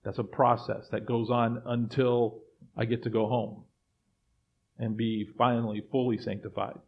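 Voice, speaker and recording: Husky-voiced male preacher, lo-fi recording. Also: medium pitch, little pitch movement, measured pace. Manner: preachy, shifts from quiet reflection to loud mock dialogue. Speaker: pastor. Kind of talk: sermon.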